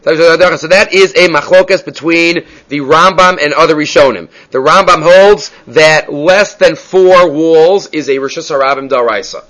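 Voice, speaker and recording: A man's voice: a little high, unhurried, few pauses, fairly bright tone. A man teaching a Talmud class, reading passages aloud and explaining them step by step, often asking questions and answering them himself.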